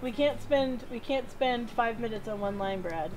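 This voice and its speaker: A woman's voice: on the high side, normal speed, very noisy. A woman reading a visual novel aloud as co-host, giggly and casual. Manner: giggly, reads narration aloud.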